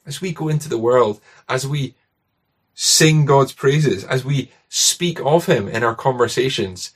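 A man's voice: medium pitch, unhurried, slightly rough. A man with a Scottish accent preaching a sermon in a conversational way, often tagging his points with rhetorical questions.

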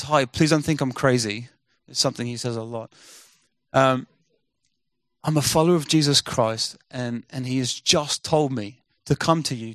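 Male preacher, mid pitch, dry close sound, lively storyteller; acts out dialogue. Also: no echo. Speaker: missionary speaker. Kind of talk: sermon storytelling.

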